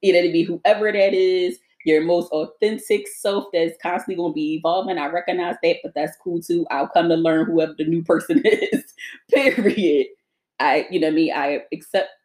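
A woman co-hosting a podcast, talking in a brash, animated, profane way and laughing loudly. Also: on the low side, moderate pace. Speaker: podcast co-host. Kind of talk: casual conversation.

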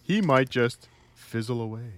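Quick-talking male podcast guest. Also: medium pitch, animated. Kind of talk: casual podcast banter.

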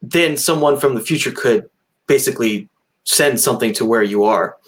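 A man's voice: medium pitch, moderate pace. A man co-hosting a film review podcast, joking casually and laughing at his own points. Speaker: podcast co-host.

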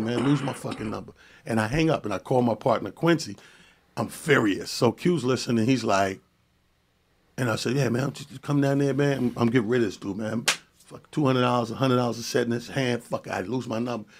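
A male comedian telling a story on a podcast in an animated, profane way, acting out the dialogue. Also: medium pitch, a little hiss or hum. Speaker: comedian guest.

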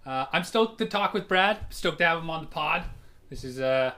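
A man's voice: on the high side, animated, normal speed, sharp tone. A man co-hosting a casual comedy podcast, rambling with lots of fillers and giggles. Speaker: podcast co-host.

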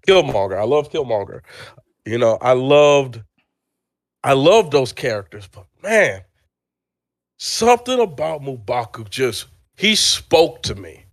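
A man from Nigeria, co-hosting a casual chat, telling animated stories and laughing often. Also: mid-range voice, unhurried, no echo, clean studio sound. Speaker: podcast co-host.

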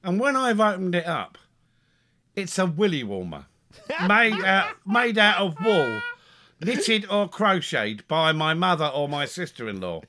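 On a casual podcast, a male co-host recounts a funny family story, animated and chuckling, tripping over his words as he gets excited. His voice sits high and his pace is measured.

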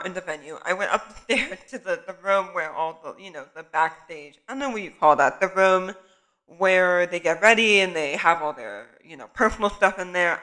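Young guy telling a story, high bright voice, says like a lot. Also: rough recording. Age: young adult. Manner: chatty, many "like" fillers, animated retelling. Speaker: student photographer. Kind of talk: casual storytelling vlog.

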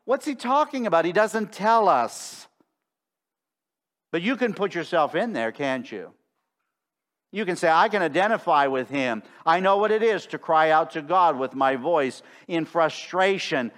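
A middle-aged man preaching a sermon in a church, emphatic and slowing down to stress key phrases. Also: fairly high pitch, animated, a bit bright. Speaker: pastor. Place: church sanctuary.

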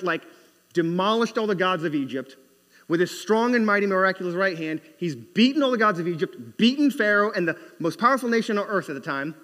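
A middle-aged man preaches with a high, bright voice, acting out the people in his story with lively delivery. His sermon echoes with long reverb through a church hall. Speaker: pastor.

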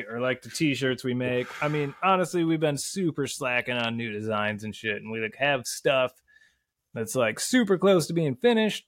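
A man's voice: mid-range voice, fairly bright tone. A young adult man chatting casually as a podcast guest, rambling and swearing often in a laid-back way. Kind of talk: casual chat.

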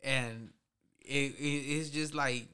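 A man's voice: mid-range voice, fairly even intonation, slow pace, bright, forceful tone, smooth. A man with a Chicano English accent from Southern California, chatting casually and slipping Spanish into his English. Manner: laid-back slangy talk, mixing Spanish into English. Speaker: podcast guest. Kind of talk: casual chat.

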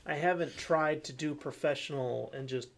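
A man's voice: a little high, moderate pace, gravelly. A young man co-hosting a podcast in casual chat, rambling with lots of fillers and the odd swear word. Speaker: podcast co-host.

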